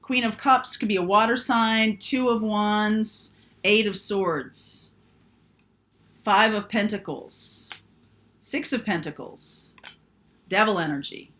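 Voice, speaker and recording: A woman's voice: mid-range voice, slow, fairly bright tone. A woman doing a casual, chatty tarot reading, thinking aloud with lots of fillers. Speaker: tarot reader.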